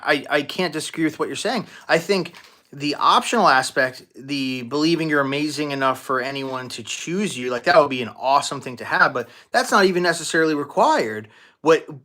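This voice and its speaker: A man hosting a live-stream Q&A as a manifestation coach, talking casually with many restarts and fillers and thanking donors excitedly. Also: medium pitch. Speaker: manifestation coach and livestream host. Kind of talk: live-stream Q&A, answering viewer questions.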